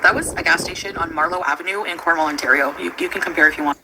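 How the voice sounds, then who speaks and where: A young woman, chatting on a home livestream in a rambling way with many fillers and quick laughs. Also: fairly low pitch. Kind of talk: casual livestream chat. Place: at home with her pets. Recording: noisy home stream recording.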